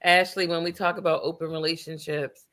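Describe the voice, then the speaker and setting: A woman's voice: low-pitched, flat delivery, brisk, a bit bright. A woman co-hosting a casual podcast chat, playful and teasing as she puts questions to her co-hosts. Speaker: podcast co-host.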